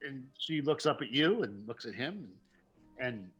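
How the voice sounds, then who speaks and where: A man running a tabletop game as game master, narrating haltingly with frequent laughs. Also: medium pitch, very animated, a bit bright, slightly rough, muffled recording, faint music behind. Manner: halting, laughs often, many fillers.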